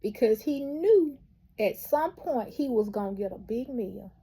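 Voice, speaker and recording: A calm, blunt man of a doctor, as a woman storyteller puts him on. He is matter-of-fact and dry-humored. The voice is slow, husky and a little gravelly. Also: on the high side, heavily acted.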